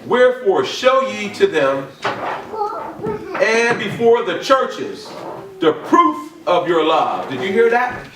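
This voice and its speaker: A man preaching a sermon, repeating his points with emphasis and building up to shouts. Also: high voice, sing-song, takes it slowly, background noise. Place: church or ministry hall. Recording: echoey room from a distant mic.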